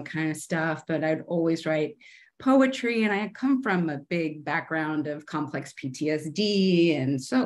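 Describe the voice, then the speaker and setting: Animated and talkative, a middle-aged woman tells stories during a relaxed podcast interview, where she appears as a guest who moved from television showrunning to art. She voices her own past lines in a higher pitch.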